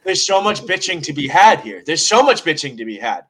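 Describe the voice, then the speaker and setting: A man's voice: on the high side, very animated, brisk, fairly bright tone, poor audio. A man co-hosting a sports podcast, ranting heatedly with lots of swearing in casual talk.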